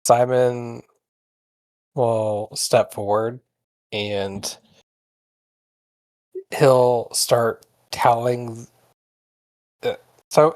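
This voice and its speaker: Man player, slow, hesitant, filler-heavy, casual tabletop talk. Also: mid-range voice, steady tone, a little mellow.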